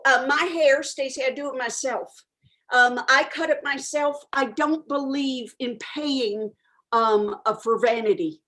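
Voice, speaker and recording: A woman playing a high-voiced, slow, rambling spiritual medium. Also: a bit bright. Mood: earnest. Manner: rambling and unabashedly frank, full of ums and uhs. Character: eccentric woman, self-declared medium and thrift-store spirit seeker. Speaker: guest answering audience questions. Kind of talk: improvised character comedy.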